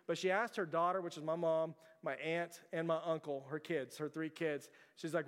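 A man's voice: on the high side, fairly even intonation, normal speed, few pauses, fairly bright tone. Man preaching in a reverberant hall. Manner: conversational, asks the congregation questions. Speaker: pastor. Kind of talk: sermon. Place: church sanctuary.

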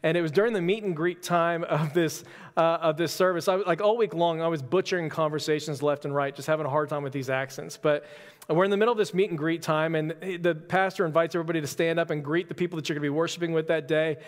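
A man's voice: on the high side, steady tone, fast. Man preaching in a reverberant hall. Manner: casual, storytelling, self-deprecating humor. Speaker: pastor. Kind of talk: conversational sermon.

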